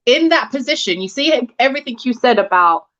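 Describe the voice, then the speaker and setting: A woman's voice: a little high, animated, fairly quick, a bit bright. Woman, panel guest, frank and emphatic, muffled lo-fi sound. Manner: frank, emphatic, uses street slang. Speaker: panelist and advocate. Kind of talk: casual panel discussion.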